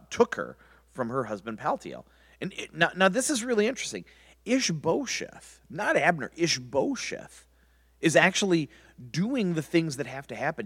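A man teaching a Bible passage verse by verse in a rambling, conversational way with many restarts. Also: medium pitch.

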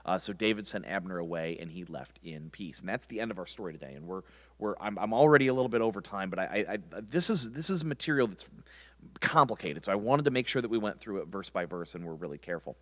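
Brief: male Bible teacher, lowish voice, animated delivery, casual and rambling. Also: fast talker. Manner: rambling, conversational, many restarts.

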